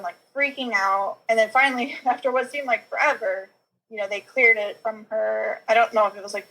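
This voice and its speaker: A woman's voice: medium pitch, a bit bright, low-quality recording. A young woman guest on a podcast telling her own birth story, rambling with lots of filler words and small nervous laughs. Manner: rambling, heavy use of "like" and "you know", nervous little laughs. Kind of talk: personal birth story in conversation.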